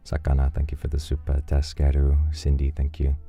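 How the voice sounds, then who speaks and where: A man's voice: rumbling low, a little fast, soft background music. A man streaming, casually reading out donations in a teasing, flirtatious, rambling way. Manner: relaxed, rambling, with fillers.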